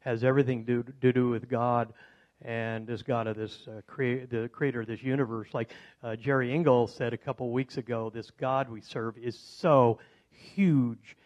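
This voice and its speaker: A middle-aged man shares a personal testimony in a mid-range voice that is neither high nor low. He rambles and halts with plenty of fillers and restarts, and he turns lively when he retells the exciting parts. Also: normal speed, dull audio. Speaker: insurance man giving a testimony.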